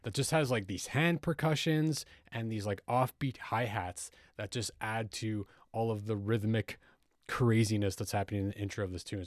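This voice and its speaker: In a studio-quality recording with no echo, a man with a fairly low voice walks listeners through music production at a normal pace. He patiently goes step by step, frequently asking "right?" to check in.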